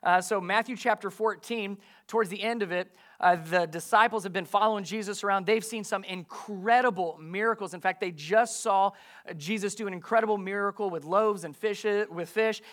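A man's voice: high voice, normal speed, a bit bright. A man preaching a sermon in church, reading scripture and posing rhetorical questions to his congregation in a conversational way. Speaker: pastor.

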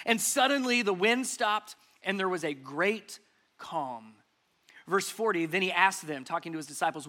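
A man delivers a church sermon in a high, bright, forceful voice. He stresses his points by repeating key phrases and building them up. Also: a little slow. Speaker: pastor.

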